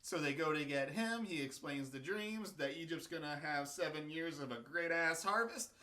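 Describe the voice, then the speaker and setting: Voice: mid-range voice, normal speed, sharp tone. A video host retelling a bible story and history in a casual, irreverent, crude, rambling way.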